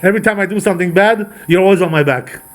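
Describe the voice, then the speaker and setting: A man voicing a wicked, greedy ancient king who exclaims with excited, whiny glee. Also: high voice, racing, slight background noise, pitched above the performer's own voice, natural voice. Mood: defensive.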